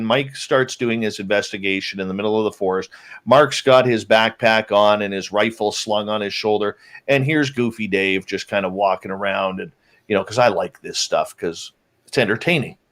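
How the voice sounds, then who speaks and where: A man, a guest on a show, casually telling a story about a trip into the woods, acting out what his companions said. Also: on the low side. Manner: lively, acts out the quoted lines of his companions.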